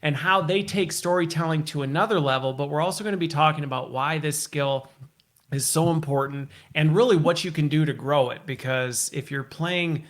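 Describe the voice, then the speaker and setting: A man's voice: a little high, normal speed. A man hosting a live online show, upbeat and playful, laughing often and teasing his guest. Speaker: host. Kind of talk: casual live show chat.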